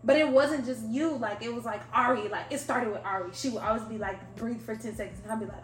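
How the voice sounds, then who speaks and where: A woman hosting a podcast, talking casually in a rambling, animated way with lots of fillers. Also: a little high, fast, few pauses. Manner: rambling, animated, heavy use of "like". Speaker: podcast host. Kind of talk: casual interview chat. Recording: echoey room, faint music.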